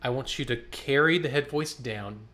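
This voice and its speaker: A man leading a choir warm-up, coaching and demonstrating vocal exercises as a choir director. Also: medium pitch, normal speed.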